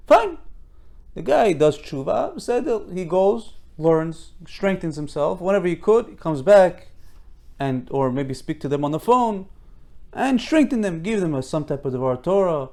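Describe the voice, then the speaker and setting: Animated preacher acting out small dialogues. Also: male voice, high voice. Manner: animated, repetitive, acts out little dialogues. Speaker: rabbi giving a Torah talk. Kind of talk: informal sermon.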